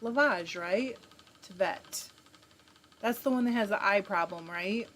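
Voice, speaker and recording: A woman's voice: medium pitch, a little slow, fairly bright tone, a little hiss or hum. A woman hosting a live stream, chatting casually, greeting viewers by name and reading their comments aloud. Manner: laughs often while talking. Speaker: livestream host spinning yarn.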